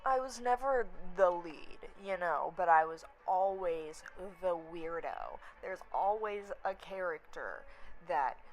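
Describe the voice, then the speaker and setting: A young woman vlogging, telling a story in a blunt, profane, animated rant. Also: fairly low pitch, takes it slowly, rough recording. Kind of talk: casual rant to camera.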